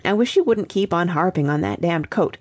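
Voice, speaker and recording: A woman's voice: on the low side, lively intonation, fairly quick, a little mellow, no room sound. A woman voicing a pompous, self-important young man who speaks loftily and gets huffy. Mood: annoyed. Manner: lofty, huffy.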